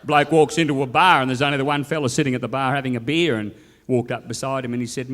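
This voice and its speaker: A man's voice: medium pitch, steady tone, fast, fairly bright tone, big-room sound. Bawdy man telling jokes. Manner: bawdy, swearing, blokey banter. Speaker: stand-up comedian. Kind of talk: live stand-up joke telling. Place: theatre stage.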